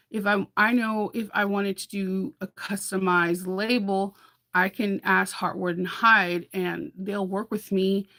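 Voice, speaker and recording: A woman's voice: medium pitch, creaky, fairly bright tone. Middle-aged woman, sewing show host; casual, rambling, laughs easily, restarts sentences. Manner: chatty, rambling, laughs often, self-interrupting. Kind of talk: casual live chat.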